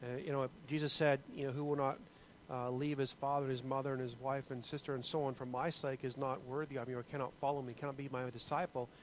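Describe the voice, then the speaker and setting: A man's voice: mid-range voice, flat delivery, fast, few pauses, a little hiss or hum, rough recording. A man leading a group Bible study discussion, talking in an earnest, musing way with many restarts.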